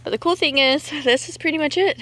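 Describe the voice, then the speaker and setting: A woman's voice: high-pitched, brisk, pushed and bright. Chatty woman vlogging outdoors, out of breath. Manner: chatty and rambling, thinking aloud. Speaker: homesteading vlogger. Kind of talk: casual outdoor vlog narration. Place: outdoors in a yard clearing brush.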